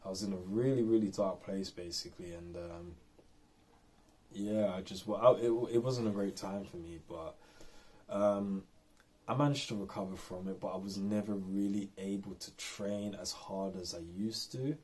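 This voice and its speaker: A man's voice: lowish voice, normal speed, a little mellow, breathy edge. A man talking candidly and in a rambling way in an unscripted personal vlog. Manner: rambling and candid, lots of fillers. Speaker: vlogger.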